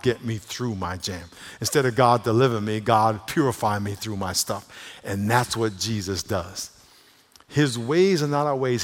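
A male pastor preaching a sermon, shifting between hushed talk and loud exhortation. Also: mid-range voice. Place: church sanctuary. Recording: long reverb of a large hall.

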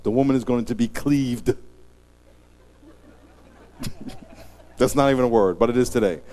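A middle-aged man preaching a lively sermon. He jokes, acts out little scenes, and swings between soft asides and loud exclamations. His voice sits at an average pitch for a man. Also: a little slow, long pauses. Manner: animated, joking storyteller who acts out scenes. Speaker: pastor.

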